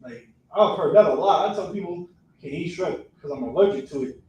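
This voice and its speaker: A man teaching a religious class in a classroom, animated and acting out people's reactions with mock voices. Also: a little high, brisk, slight background noise. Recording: echoey room, far from the mic.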